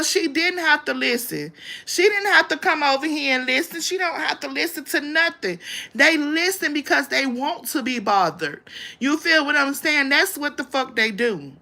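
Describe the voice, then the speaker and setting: A woman rants on her own livestream, blunt, confrontational and full of profanity. Her voice sits high and sounds bright and edgy, with a gravelly fry running through it. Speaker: livestream host. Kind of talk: ranting live-stream commentary.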